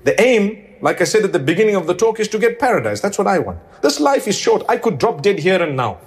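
A man delivers a sermon in a conversational, earnest way, often turning to the congregation with rhetorical questions. His voice sits a little on the high side, and his tone is pleading rather than stern. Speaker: preacher.

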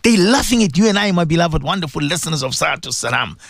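A man's voice: a little high, sing-song, quick pace, vocal fry, fairly bright tone, no room sound, studio quality. A man giving an impassioned radio sermon, full of repeated rhetorical questions. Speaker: radio preacher.

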